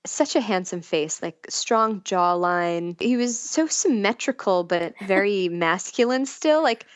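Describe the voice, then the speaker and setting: A woman's voice: medium pitch, no room sound. A woman talking frankly and casually as a podcast guest, laughing often as she talks. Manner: frank, giggly, breaks into laughter. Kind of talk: candid casual chat.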